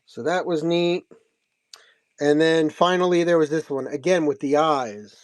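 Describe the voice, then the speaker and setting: A man's voice: fairly high pitch, measured pace, no room sound. A man casually showing off signed comics and prints, chatting and laughing as he tells the story, often repeating himself. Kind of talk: casual show-and-tell recap.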